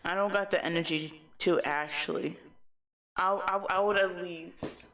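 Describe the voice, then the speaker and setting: A young woman chats on her livestream in an easygoing, meandering way. She keeps circling back with "like" and false starts and breaks into laughter often. Soft music plays faintly in the background. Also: fairly low pitch, steady tone, a little slow. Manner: rambling, full of "like" and restarts, laughing often. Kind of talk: casual chat storytelling.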